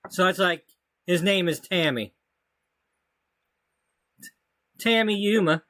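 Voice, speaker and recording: A man's voice: high-pitched, slow pace, a bit bright, no echo. A man giving casual, rambling commentary as he plays a life-sim game. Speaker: let's play host.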